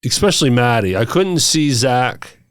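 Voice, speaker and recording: Brief: laid-back male co-host, medium pitch, dry sound. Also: sing-song, normal speed, dry recording. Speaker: co-host, bass player. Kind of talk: casual chat.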